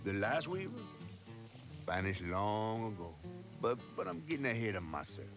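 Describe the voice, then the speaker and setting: A man's voice: on the low side, very animated, normal speed. A man voicing a folksy storyteller who narrates a tale in a video game. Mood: storytelling. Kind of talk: scripted folktale narration. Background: game music.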